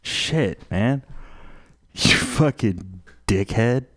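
A man hosting a live community radio show, rambling slowly and swearing freely between music. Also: fairly low pitch, lively intonation, a bit bright. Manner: profane, slow and meandering. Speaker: radio host.

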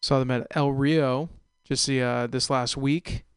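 A man's voice: medium pitch, fairly even intonation, unhurried, smooth. A young man hosting a casual radio show, rambling and hesitant with lots of fillers.

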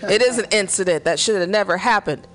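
A woman co-hosting a radio talk show, talking bluntly and quickly in casual chat and laughing often. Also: medium pitch, faint music behind.

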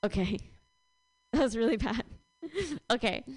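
A woman's voice: a little high, lively intonation, a little slow, a little mellow, no room sound. A young woman in her twenties doing a rambling stand-up set, full of fillers and self-deprecating asides. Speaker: stand-up comedian.

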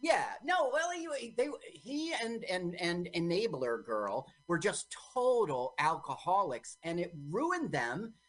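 Animated, low-pitched woman ribbing her co-host. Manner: joking, quick to interrupt and argue. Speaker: radio co-host. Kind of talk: casual banter while watching a movie. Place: radio studio.

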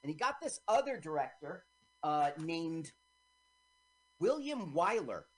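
Animated low-voiced woman retelling film history. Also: measured pace, husky, rough recording. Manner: animated storytelling, acts out quoted lines. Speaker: film podcast co-host. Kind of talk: casual chat about an old film.

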